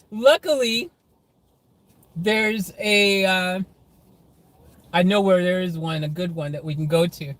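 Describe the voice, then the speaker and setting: A man's voice: high-pitched, level tone, measured pace, a bit bright. A man chatting casually to viewers on a phone livestream from inside his car, laughing often.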